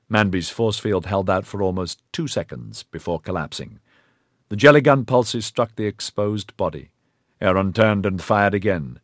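Low-voiced male audiobook narrator. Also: no room sound, studio quality. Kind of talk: scripted narration of a sci-fi novel.

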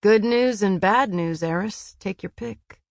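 A woman voicing a gruff, sardonic young male warrior in an audiobook, speaking dryly with a muttering edge. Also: mid-range voice, unhurried, dry recording, natural voice.

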